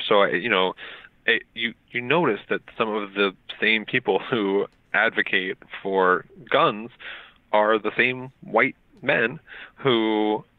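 A deep-voiced man speaks over a tinny phone line as a talk-radio guest. He explains points carefully, hedging with ums and little restarts as he builds his argument, and the sound is dry and close with no room around it. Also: dry recording. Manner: measured, filler-heavy explaining with many ums and restarts. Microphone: phone call.

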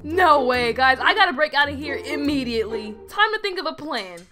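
A woman's voice: high-pitched, expressive, a little fast, music in the background. A woman narrating her own character in a game roleplay, chatty and dramatic, full of indignant slang. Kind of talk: casual game roleplay commentary.

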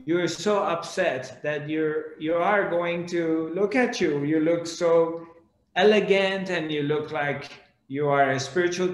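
A man voicing a calm, probing old man who keeps asking insistent questions. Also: on the high side, echoey room, low-quality recording.

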